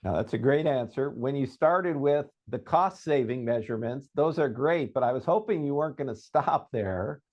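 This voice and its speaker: A man's voice: medium pitch, animated, moderate pace, hardly any pauses, darkish tone. A man hosting an interview podcast, speaking in an affirming, conversational way. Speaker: podcast host, vocal coach. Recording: dull, slightly muffled audio.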